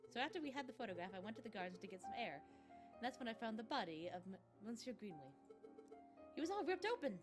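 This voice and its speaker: A woman voicing a sweet, excitable young French cat woman in a game, high and bubbly. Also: quick pace, music in the background, close to an everyday voice. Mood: eager.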